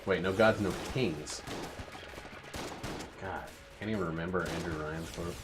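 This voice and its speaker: A man's voice: low-pitched, measured pace, noisy background. A man streaming a video game, giving casual play-by-play commentary in a wry, rambling way with muttered asides. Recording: game music playing behind. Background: loud game music and gunfire.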